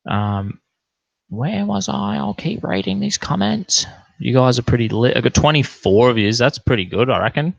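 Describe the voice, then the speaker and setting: Gravelly Australian bloke rambling on a stream. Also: male voice, mid-range voice, lively intonation, moderate pace, no echo, muffled recording. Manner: swearing, slangy, rambling anecdotes with acted-out quotes. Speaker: livestream host reading chat comments. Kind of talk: casual livestream chat and storytelling.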